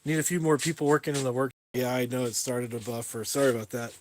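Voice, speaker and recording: A man's voice: mid-range voice, quick pace, a little mellow, slight background noise. A man live streaming a casual tour of his workshop, rambling, laughing at himself and chatting with viewers. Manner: rambling, self-mocking, laughs often. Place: workshop in a shipping container.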